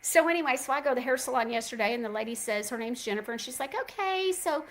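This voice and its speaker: A woman's voice: on the high side, racing, rough recording. A middle-aged woman, hosting a show and telling a chatty story straight to her listeners. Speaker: host. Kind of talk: casual chat.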